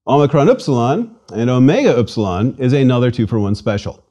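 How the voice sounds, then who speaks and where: A man's voice: mid-range voice, very animated, fairly quick, dark tone. A man giving a scripted pronunciation lesson, patient and repeating words for the listener to drill. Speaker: language lecturer. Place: studio.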